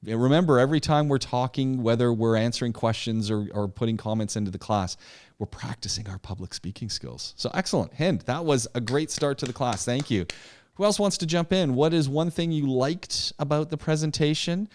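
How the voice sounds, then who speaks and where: A man's voice: mid-range voice, fairly quick. Encouraging male speaking teacher. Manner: encouraging, many repeated yeahs and restarts. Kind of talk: interactive class discussion.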